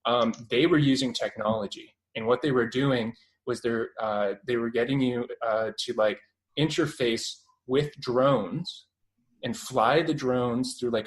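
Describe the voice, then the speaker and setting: A man's voice: medium pitch, poor audio. A Canadian man in his twenties talks as an interview guest. His voice sits mid-range, and he rambles casually, filling gaps with "um" and "like" and often restarting his sentences. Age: 20s. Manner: rambling, many fillers and restarts.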